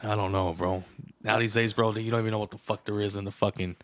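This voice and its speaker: A man's voice: fairly low pitch, steady tone, quick pace, a bit bright, no echo. A young man co-hosting a podcast in a slangy, profane way, calling his partner "bro" constantly. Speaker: podcast co-host. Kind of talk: casual podcast banter.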